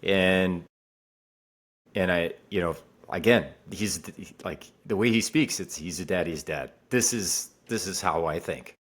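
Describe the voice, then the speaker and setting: A man with a very low voice speaks earnestly in a casual podcast conversation. He circles back to the same phrases over and over to stress how strongly he feels. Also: unhurried, fairly bright tone. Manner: earnest, repeats phrases for emphasis. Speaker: podcast co-host, father.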